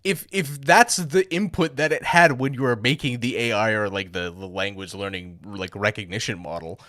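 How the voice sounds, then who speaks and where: A man's voice: on the low side, normal speed, sharp tone, no room sound, clean studio sound. A man co-hosting a podcast, chatting casually in a hesitant way, with many fillers. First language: English. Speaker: podcast co-host.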